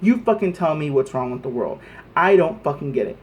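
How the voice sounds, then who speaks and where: A man's voice: a little high, lively intonation, a little fast, slight background noise. Heated, cursing man ranting to camera. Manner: heated, profane, repeats himself. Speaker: vlogger. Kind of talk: angry political rant to camera.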